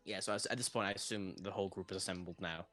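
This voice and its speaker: A man's voice: deep voice, steady tone, very fast, fairly bright tone. A man narrating a tabletop game as game master, in a loose, hedging way.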